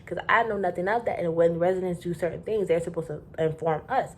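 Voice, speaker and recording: A woman from Florida telling a rambling, profane storytime about her work, animated and loose. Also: fairly low pitch, fast talker, a little hiss or hum. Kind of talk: casual storytime.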